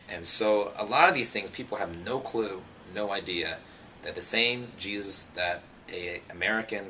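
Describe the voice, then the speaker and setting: A young man with a low, deep voice and a bright, forceful edge, speaking in a casual interview. He tells his story in an animated, chatty way, full of ums and you-knows. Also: slight background noise. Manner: animated, chatty, many fillers like um and you know. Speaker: pastor and singer interviewed.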